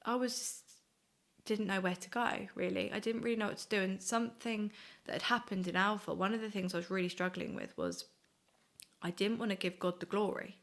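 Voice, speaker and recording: A woman, sharing a personal faith testimony in an earnest, reflective, halting way. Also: medium pitch, steady tone, fairly bright tone. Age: 20s. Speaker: guest sharing her faith story.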